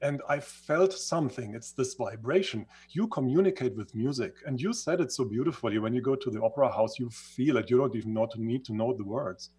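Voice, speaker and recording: A man's voice: mid-range voice, brisk, hardly any pauses, darkish tone, husky. A man who is not a native English speaker, telling his life story in an interview, earnest and sometimes searching for words. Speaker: guest. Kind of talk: reflective storytelling in conversation.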